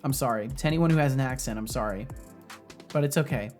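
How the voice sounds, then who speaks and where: A man chats casually on a live stream, reading out viewer messages and rambling between laughs. His voice sits at an ordinary middle pitch. Faint guitar music plays quietly behind him. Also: fast. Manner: rambling, laughs often, reads chat aloud. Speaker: streamer and game developer.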